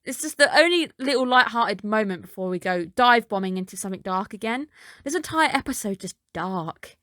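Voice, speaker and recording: A woman's voice: medium pitch, expressive, a little fast, pushed and bright, no room sound, studio quality. A woman reviewing an anime episode in a casual recap, chatty and dropping skeptical asides.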